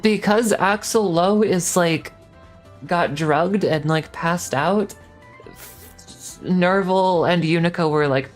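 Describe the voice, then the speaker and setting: Low-voiced woman rambling through a plot recap. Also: takes it slowly, faint music behind. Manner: rambling, heavy filler 'like', frequent swearing. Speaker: streamer. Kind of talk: casual game plot recap.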